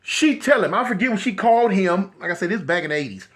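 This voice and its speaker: A middle-aged man telling a story in a casual, animated way, acting out the voices of the people in it. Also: high voice, quick pace. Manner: animated, acts out voices, repeats and restarts.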